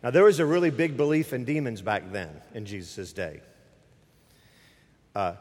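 A man's voice: mid-range voice, big-room sound. A middle-aged man preaching a sermon in a church, speaking emphatically and conversationally through a microphone and appealing directly to the congregation. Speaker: pastor. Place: church sanctuary.

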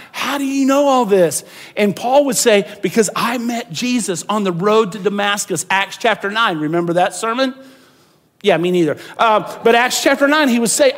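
A pastor giving a sermon, telling the story in a lively way and shouting out the quoted lines. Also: male voice, sits high. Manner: storytelling, acts out quotes loudly. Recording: long hall reverb.

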